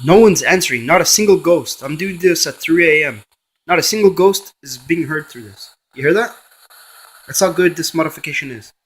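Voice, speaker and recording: A man's voice: on the high side, animated, fairly quick, a bit bright, a little hiss or hum, rough recording. A man, a paranormal investigator, running a spirit box session and coaxingly calling a spirit by name.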